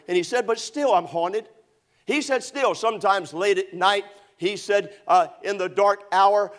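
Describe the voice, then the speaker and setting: A man preaching a sermon, telling a story dramatically and rising to shouts at the climaxes. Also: a little high.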